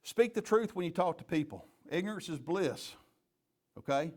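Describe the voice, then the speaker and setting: A middle-aged man leads a police leadership training. He speaks in a slightly high voice as a folksy, joking storyteller. He mixes anecdotes with plain lessons. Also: lively intonation, moderate pace, a little mellow. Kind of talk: leadership training talk with stories.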